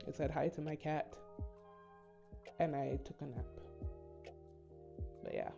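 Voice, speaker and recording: A woman's voice: sits low, slow pace, creaky. A woman from the Caribbean telling a casual story to her viewers, acting out the voices of the people in it. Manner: animated, acts out voices in quotes. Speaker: storytime YouTuber. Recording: slightly dull recording with soft background music.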